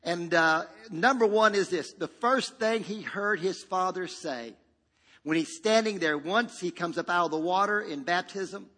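A pastor with a high, sharp voice preaches a little slowly, and a long reverb tail trails his words. He's emphatic and repetitive, leading the congregation in call-and-response.

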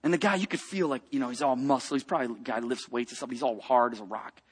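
A man preaching a personal testimony, telling a story with lively acted-out quotes and dropping to a hush for tender moments. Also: mid-range voice, fast talker, husky. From grew up in a rough biker family.

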